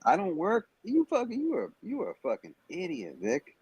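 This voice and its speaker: A man's voice: sits high, huge pitch swings, moderate pace, a little mellow, slightly rough, no echo, rough recording. A man in a heated livestream rant, taunting and cursing at a rival, calling in remotely. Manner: profane, confrontational, taunting. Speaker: stream guest. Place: Las Vegas.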